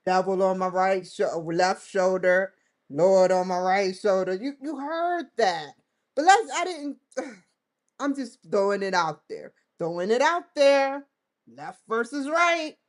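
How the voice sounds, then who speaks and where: A woman's voice: medium pitch, expressive, slow pace. Rambling, laughing woman vlogger. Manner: rambling, laughs often, acts out dialogue in quotes. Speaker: vlog host. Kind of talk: casual chat to camera.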